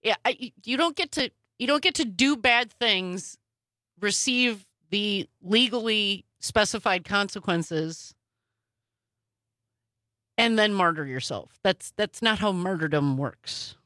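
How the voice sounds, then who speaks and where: A woman co-hosting a talk show, running through news in a quick, sarcastic way. Her voice is bright and forceful, and it sits close and dry on the mic with no room echo. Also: mid-range voice, animated. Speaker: podcast co-host. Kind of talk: casual political commentary.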